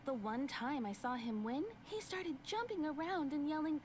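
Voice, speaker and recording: A gentle game townswoman, soft and a touch squeaky, high and lilting. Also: big pitch swings, moderate pace, heavy background noise. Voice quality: soft, slightly squeaky, near-whispery voice. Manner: gentle, patient storyteller.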